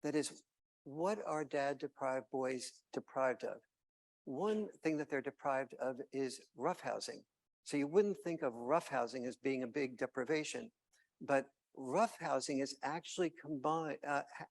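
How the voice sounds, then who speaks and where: Brief: male keynote speaker, storyteller, slightly high and gravelly, halting. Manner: storytelling with hesitant fillers and restarts. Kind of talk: conference keynote.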